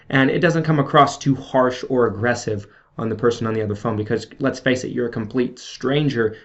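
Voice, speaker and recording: A man giving a casual video sales training, coaching viewers in a chatty way with frequent check-ins and fillers. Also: mid-range voice. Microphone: camera video. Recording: slightly dull lo-fi audio.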